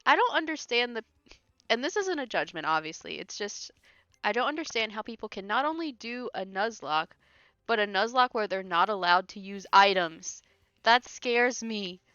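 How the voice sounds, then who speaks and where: Giggly woman streamer, bright close voice. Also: medium pitch, lively intonation, normal speed, clean tone, no echo, dull audio. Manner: chatty, giggly, talks to chat between asides. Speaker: streamer playing a video game. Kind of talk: casual let's-play commentary.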